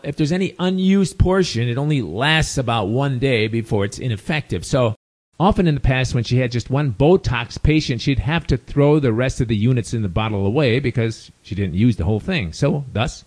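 A man's voice: medium pitch, animated, moderate pace. An older man with a Chicago accent, telling a casual story full of wry, chatty asides. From United States. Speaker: expat storyteller.

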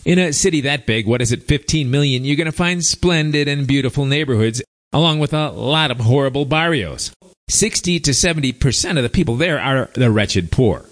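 A man's voice: medium pitch, lively intonation, fairly quick. A man hosting his own show, talking in a sarcastic, rambling, opinionated monologue. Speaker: show host.

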